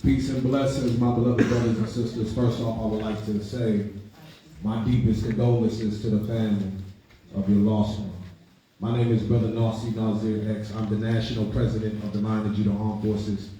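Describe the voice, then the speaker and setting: A man's voice: lowish voice, flat delivery, normal speed, dark tone. A man who leads an organization, giving a formal, ceremonial address at a rally. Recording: very echoey hall, faint noise.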